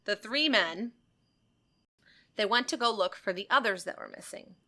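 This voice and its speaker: Lively bright-voiced young woman podcaster. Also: medium pitch, normal speed. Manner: animated storyteller, acts out movie scenes in voices. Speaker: podcast co-host telling the case. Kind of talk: casual podcast chat.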